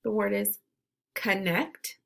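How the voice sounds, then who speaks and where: A woman teacher leading a phonics drill for young children, giving slow, clear, drawn-out word prompts. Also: medium pitch, steady tone, fairly bright tone. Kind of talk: phonemic awareness lesson for young children.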